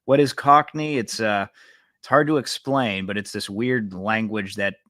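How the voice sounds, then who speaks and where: Low-voiced laid-back podcast host man. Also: measured pace, sharp tone, no echo. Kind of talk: casual chat.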